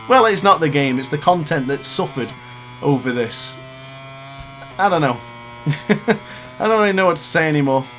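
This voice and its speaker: A man's voice: a little high, lively intonation, unhurried, long pauses, fairly bright tone, slight background noise. A man in his late twenties commentating his own racing game live, ranting in frustration between exasperated laughs. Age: 20s. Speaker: gaming YouTuber.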